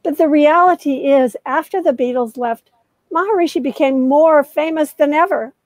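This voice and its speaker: A woman in her seventies with a high, bright voice tells a long story as a guest author. She goes into detail and often pauses on "uh". The sound is dry and close. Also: no echo, low-quality recording. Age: 70s. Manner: detailed storyteller, many "uh" fillers. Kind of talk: storytelling in a conversation.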